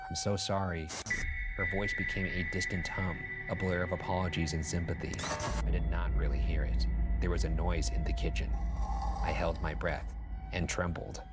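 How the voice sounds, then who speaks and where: A man's voice: low-pitched, normal speed, loud music behind the voice. A man hosting a show, reading a spooky story aloud and chatting with a co-host between parts. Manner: animated, laughs often. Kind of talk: story reading with casual chat.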